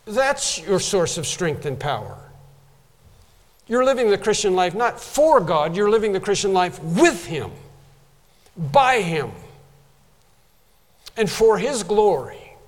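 A man's voice: high voice, big pitch swings, takes it slowly, long pauses. A man preaching a sermon as a pastor, emphatic, repeating phrases for stress. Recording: long reverb of a large hall.

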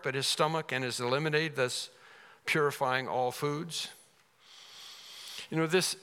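Emphatic pastor preaching in a reverberant hall. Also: male voice, on the high side, bright, forceful tone. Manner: emphatic, repeats key words. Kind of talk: sermon. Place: church sanctuary.

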